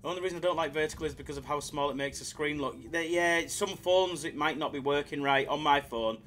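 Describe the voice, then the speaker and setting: A man's voice: on the high side, fast, fairly bright tone, slight background noise. A man hosting a casual live stream, bantering with chat in a laid-back way.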